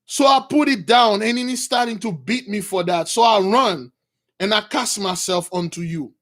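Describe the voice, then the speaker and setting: Man playing a young slave girl, frightened, begging, high and strained, crying out. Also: normal speed, fairly bright tone. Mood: tearful pleading. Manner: pleading, crying out.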